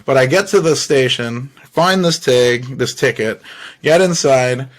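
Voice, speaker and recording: A man's voice: medium pitch, a little slow. A man hosting a podcast, telling a long personal story in a loose, rambling way, swearing freely and laughing between phrases. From Canada. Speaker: podcast host. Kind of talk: casual storytelling monologue.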